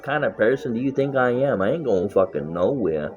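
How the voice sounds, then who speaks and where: A man's voice: mid-range voice, expressive, a little fast, few pauses, a little mellow, lo-fi sound, soft background music. A man chatting casually on a livestream, rambling and swearing a lot and often laughing.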